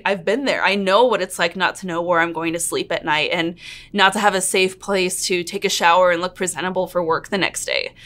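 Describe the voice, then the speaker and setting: A woman in her thirties hosting her own real estate coaching channel, talking earnestly and openly to camera, quick to get emotional. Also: lowish voice, fairly bright tone. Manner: earnest, open and emotional, laughs and nearly cries. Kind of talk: intro narration then casual one-on-one chat to camera.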